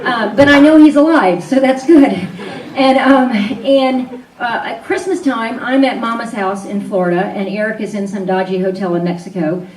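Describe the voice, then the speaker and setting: A woman's voice: fairly high pitch, normal speed, darkish tone, slight background noise. A woman on stage in an arts venue, telling a personal story live, candid and conversational with frequent fillers. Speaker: storyteller and event host. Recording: roomy hall sound, voice from a distance.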